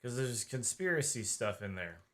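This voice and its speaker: A man's voice: medium pitch, sing-song, moderate pace, a bit bright. A man co-hosting a casual video-reaction chat, rambling and hesitant, often trailing off mid-thought.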